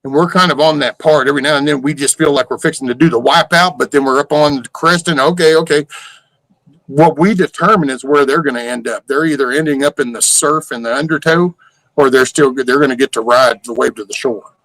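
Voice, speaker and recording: A man's voice: medium pitch, fairly quick, fairly bright tone, no echo, low-quality recording. An older man with a drawl, hosting a casual livestream and ranting in rambling, profane rhetorical questions. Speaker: livestream host.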